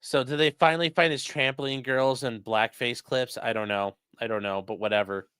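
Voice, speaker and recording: A man's voice: medium pitch, steady tone, normal speed, fairly bright tone, clean tone, dry recording. A man commentating on news in a casual live stream, crude and mocking, reading chat messages aloud.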